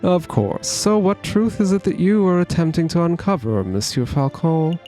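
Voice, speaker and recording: Guy reading a slick dramatic bird con man, flowery and evasive, kinda high voice. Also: moderate pace, mellow, faint music behind, lightly acted. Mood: theatrical. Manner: grand, flowery storytelling delivery.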